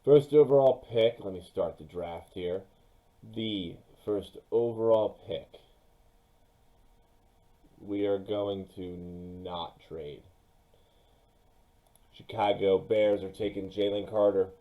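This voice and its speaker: A young man giving casual, excitable commentary on his own football mock draft, speaking straight to his viewers. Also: on the low side, takes it slowly, pauses often, narrow, tinny audio. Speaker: sports YouTuber.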